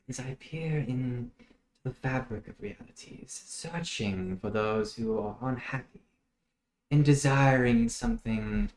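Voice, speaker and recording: A man voicing a soft-spoken, sinister male fey warden in a measured, ominous way. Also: mid-range voice, a little hiss or hum. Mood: hushed ominous. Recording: echoey room.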